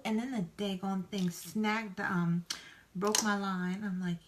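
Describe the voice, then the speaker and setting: A woman's voice: medium pitch, fairly even intonation, moderate pace, background noise. Chatty woman doing her makeup. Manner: chatty, rambling, self-deprecating, folksy. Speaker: makeup vlogger. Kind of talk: casual get-ready-with-me chat.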